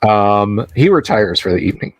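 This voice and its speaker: Halting man narrating as game master. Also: fairly low pitch, sing-song, no room sound. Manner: halting, full of restarts and fillers. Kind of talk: narrating a tabletop horror game.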